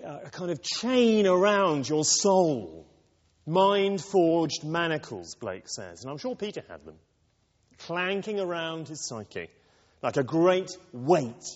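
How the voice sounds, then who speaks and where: Man preaching, lively pitch, long hall reverb, dull lo-fi sound. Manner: expressive, acts out quoted lines. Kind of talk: sermon.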